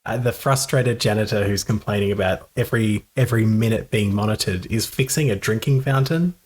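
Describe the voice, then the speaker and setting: A man's voice: lowish voice, a little fast, a little mellow, breathy edge. A man co-hosting a casual film-review podcast, chatty, laughing often and restarting his sentences. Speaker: podcast co-host.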